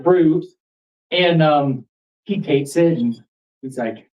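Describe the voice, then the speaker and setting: A man telling a true story at a live storytelling event in a pub, animated and building excitement. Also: fairly high pitch, takes it slowly, distant mic, low-quality recording. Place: pub stage before an audience.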